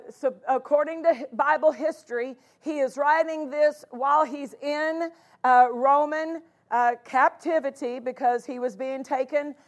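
High-voiced woman pastor preaching emphatically. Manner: emphatic preaching, repeats key phrases. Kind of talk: sermon.

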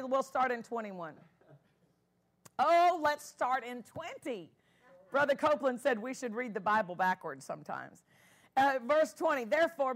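A woman's voice: on the high side, fairly bright tone. A woman pastor preaching a sermon, emphatic and repeating key phrases, asking the congregation for amens.

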